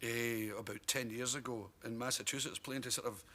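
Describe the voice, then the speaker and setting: A Scottish man, a comedian guest in his thirties, tells animated talk-show anecdotes in a TV studio and laughs through his punchlines. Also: medium pitch, fairly quick, very noisy. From Scotland. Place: TV studio with audience.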